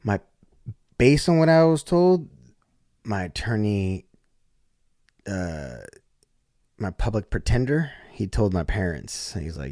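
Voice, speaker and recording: A man with a deep, low voice tells his story in a relaxed, animated way, slipping into the voices of the people he quotes. He restarts his sentences often as he talks. The sound is close and dry, with no room echo. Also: slow, long pauses. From Oklahoma. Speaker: podcast guest. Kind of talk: casual storytelling.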